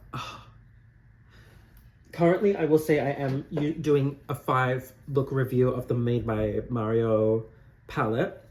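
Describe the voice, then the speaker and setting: A campy young man talks through his makeup in a relaxed, rambling way, tossing out gossipy asides as he goes. His voice sits in an ordinary middle register. A faint hiss of noise hangs under him. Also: medium pitch. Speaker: drag queen makeup tutorial host. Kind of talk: casual chatty talk while doing makeup. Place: warm room at home.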